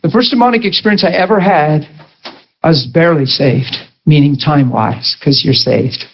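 A male preacher giving a sermon, animated and playful as he tells stories. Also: a little high, moderate pace, gravelly, muffled recording, slight background noise. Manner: animated storytelling, bursts into laughter, playful.

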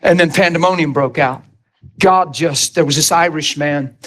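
Animated preacher man telling stories. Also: normal speed. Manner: animated storytelling, acts out quotes in high excited voice. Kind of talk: sermon with healing testimony.

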